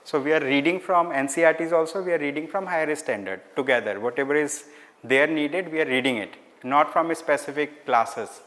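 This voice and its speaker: A man's voice: fairly high pitch, a bit bright. Indian man teaching in an echoing hall. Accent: Indian English. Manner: explains slowly, repeats key words, mixes in Hindi phrases. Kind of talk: online class lecture. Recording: hall-like reverb.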